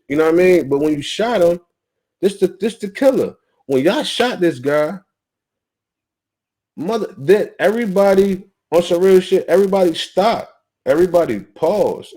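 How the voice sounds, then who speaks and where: A man's voice: fairly high pitch, warm tone, poor audio. A young man on a talk show panel, giving heated, profane commentary full of repeated phrases and rhetorical questions. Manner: ranting, profane, repeats himself; rhetorical questions, "you feel me" fillers. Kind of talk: casual chat, heated commentary.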